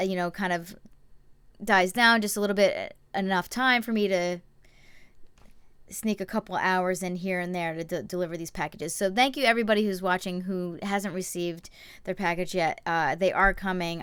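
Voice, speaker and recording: A woman's voice: medium pitch, a bit bright, smooth, no echo. A young woman hosting a casual live-stream show from a cluttered room at home, rambling and chatty with lots of fillers and restarts.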